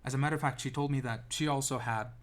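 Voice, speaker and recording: A man's voice: mid-range voice, steady tone, rapid-fire. A young man telling a personal story to camera in a rambling, self-deprecating way, full of restarts and ums, seated indoors. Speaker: vlogger. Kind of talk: casual storytelling monologue.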